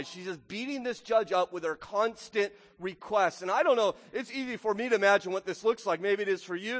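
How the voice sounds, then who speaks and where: A man preaching a sermon as pastor, animated and acting out little voices, often checking in with "right?". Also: sits high, long reverb tail. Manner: animated, acts out voices, keeps asking "right?".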